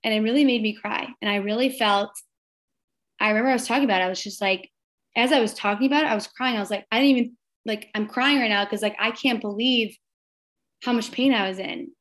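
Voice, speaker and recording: A woman's voice: on the high side, fast, fairly bright tone. A woman who is a guest on a podcast, chatting casually and filling her talk with "like". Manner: chatty, fills speech with "like". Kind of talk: casual chat.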